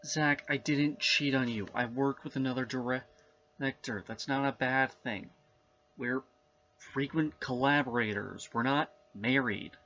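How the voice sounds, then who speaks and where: A man's voice: mid-range voice, unhurried, bright, forceful tone, lo-fi sound. A man voicing a flustered male cinematographer who stammers and pleads in a comedy sketch. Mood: confused.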